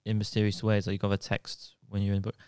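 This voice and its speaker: Against heavy background noise, a comedy podcast co-host spins stories in a fast, lowish voice, constantly breaking into laughter mid-sentence as he goes.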